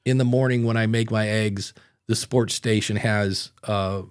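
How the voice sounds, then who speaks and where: A man hosting a podcast in casual chat, animated and given to silly voices. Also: fairly low pitch, a little slow, clean tone. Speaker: podcast host.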